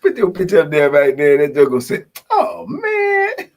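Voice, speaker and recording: A man's voice: fairly high pitch, animated, quick pace, a little mellow, slight background noise, rough recording. A man hosting a morning podcast in casual banter, laughing often as he reacts to his chat. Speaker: podcast host. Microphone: podcast mic.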